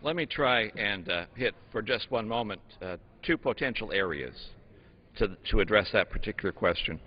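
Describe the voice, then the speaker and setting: A man, a congressman, giving a measured floor speech full of historical examples in a legislative chamber. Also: lowish voice, lively intonation. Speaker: congressman from Utah. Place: House chamber. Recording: dull broadcast audio in a long-reverb chamber.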